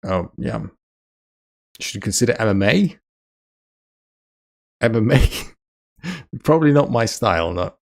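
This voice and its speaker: A man's voice: on the low side, animated, a little slow, pauses often, a little mellow. A man casually chatting on a live stream, reading viewer comments aloud, joking and laughing often. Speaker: chess streamer.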